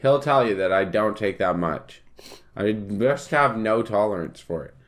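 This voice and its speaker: A man's voice: lowish voice, animated, unhurried. A man co-hosting a podcast, rambling easily through casual chat and often laughing. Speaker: podcast co-host.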